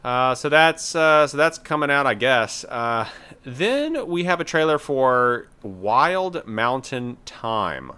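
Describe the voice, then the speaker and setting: A man's voice: medium pitch, sing-song, slow pace, sharp tone, clean tone. A man co-hosting a casual podcast, chatting about movie trailers in a laid-back way, with lots of fillers. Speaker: podcast co-host.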